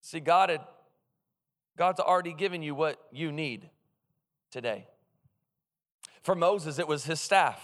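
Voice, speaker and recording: High-voiced preacher man in echoing hall. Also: unhurried, long pauses. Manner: humorous, animated, calls out to the congregation. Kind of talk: sermon with personal storytelling. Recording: long hall reverb.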